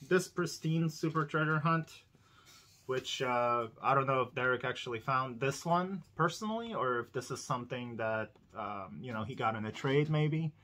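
Chatty bright-voiced man unboxing toy cars. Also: medium pitch, moderate pace. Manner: rambling, chatty, laughs often, talks to viewers. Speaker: diecast collector channel host. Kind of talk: casual unboxing vlog. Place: indoors.

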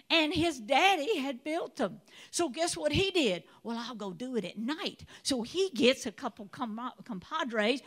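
A woman preacher delivering a sermon, telling Bible stories with animated storytelling and acting out the voices of the people in them. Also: sits high. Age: adult. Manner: animated storytelling, acts out voices of biblical figures.

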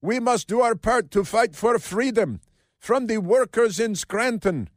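A man's voice: high voice, fast, no echo, clean studio sound, pitched above the performer's own voice, close to an everyday voice. A man putting on a mocking impression of a politician with an exaggerated put-on accent.

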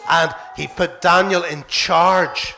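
A man with a Northern Irish accent, a minister telling a Bible story to children in church, playful and animated. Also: on the high side, takes it slowly, gravelly, a little hiss or hum.

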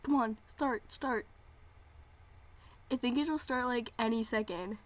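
Waiting live for a show to premiere, a young streamer speaks at a slow pace in a slightly high voice. She's excited, gushing and repeating herself, yet also nervous and jittery in this reaction vlog.

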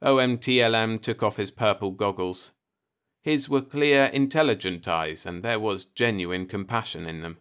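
A man narrating a science fiction short story as an audiobook reader, in an even, unhurried storytelling manner. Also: lowish voice, clear, resonant tone.

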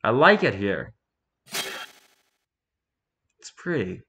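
A man's voice: on the low side, very animated, extremely slow, highs cut off, background noise. A man reading online posts aloud as a streamer, with sarcastic, mocking asides in casual commentary. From Pacific Northwest.

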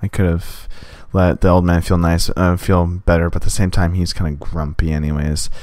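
Man, low voice, laid-back game commentary, rambling, dry close mic. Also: little pitch movement, normal speed, darkish tone, dry recording. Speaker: gameplay commentator.

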